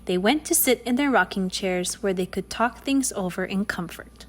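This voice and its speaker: A woman reading a children's story aloud in an expressive, playful way. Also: medium pitch, moderate pace, few pauses.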